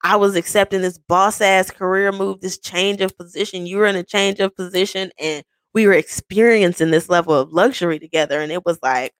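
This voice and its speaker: A woman podcast host telling a personal story in a casual way, animated and often laughing. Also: clean tone, no echo. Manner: animated, quick swings into high quoted voices; frequent laughs.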